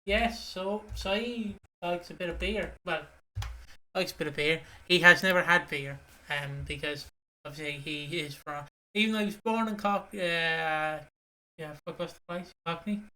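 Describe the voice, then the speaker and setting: A man's voice: on the high side, unhurried, bright, forceful tone. A man co-hosting a casual podcast, rambling, swearing and laughing often. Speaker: co-host.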